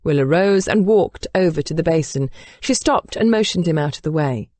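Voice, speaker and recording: A woman narrates an audiobook with a lively, animated lilt and a somewhat low voice. The recording is close and dry, made on a studio microphone. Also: normal speed, no echo. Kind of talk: scripted narration.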